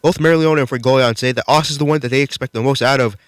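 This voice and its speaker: A man's voice: mid-range voice, racing, clear, resonant tone, no echo, clean studio sound. A man casually reviewing a manga chapter, swearing freely as he recaps the fights. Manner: laid-back, profane, enthusiastic recapping. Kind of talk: casual video commentary.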